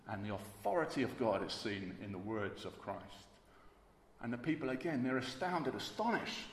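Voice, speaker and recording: Male preacher, mid pitch, emphatic sermon delivery; echoey hall, faint ambience. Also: a little hiss or hum. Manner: emphatic, repeats key words.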